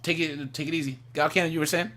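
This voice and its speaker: A man's voice: a little high, fairly even intonation, fast, crowd noise. A man hosting a casual live stream, giving blunt opinions with lots of stumbling restarts.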